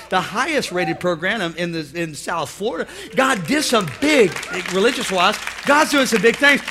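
High, bright-voiced preacher man. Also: slight background noise. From United States. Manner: lively preaching, calls for amen, acts out voices. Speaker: pastor. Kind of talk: sermon.

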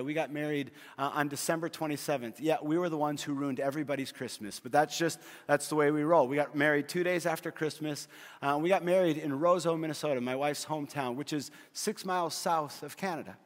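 Pastor with a higher voice in a reverberant hall. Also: male voice. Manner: storytelling with humor, frequent repeated restarts. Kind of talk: sermon.

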